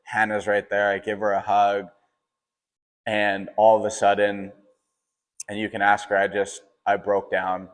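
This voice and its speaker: A man's voice: lowish voice, monotone, a little slow, long pauses. A young man hosting a podcast, telling a personal story in a casual way, often saying "like" and restarting his sentences. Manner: casual, fills with "like", frequent restarts. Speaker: podcast host. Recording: long reverberant echo.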